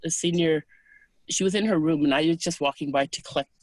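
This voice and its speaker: A woman as an interview guest, calmly recounting personal experiences in a soft, unhurried, hesitant way. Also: low voice, no echo. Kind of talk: personal storytelling in conversation.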